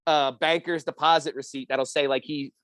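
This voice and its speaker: A man's voice: on the high side, normal speed, smooth, no room sound. A man on a podcast telling a story in casual, profane chat, acting out the people he quotes. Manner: animated storyteller, acts out quotes. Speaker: podcast co-host.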